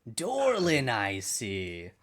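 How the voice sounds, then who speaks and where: A man voicing the vengeful male spirit trapped inside a cursed sword, speaking slowly and knowingly in a tabletop game. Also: mid-range voice, huge pitch swings, a bit bright, exaggerated voice. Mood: sly.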